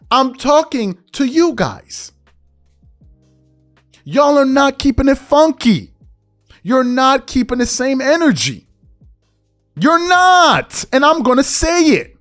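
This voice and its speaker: A man on a podcast, ranting about sports with a lively voice that swings up and down. He is confrontational and mocking, and calls his listeners out directly. Faint music plays softly behind him. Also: very high-pitched. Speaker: podcast host. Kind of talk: heated sports commentary rant.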